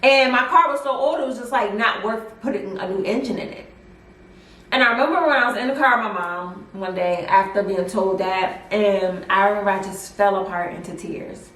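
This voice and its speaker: A young woman telling a personal story in a casual vlog, chatty and animated with lots of fillers. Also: medium pitch, moderate pace. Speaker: vlogger. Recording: roomy echo, mic at a distance.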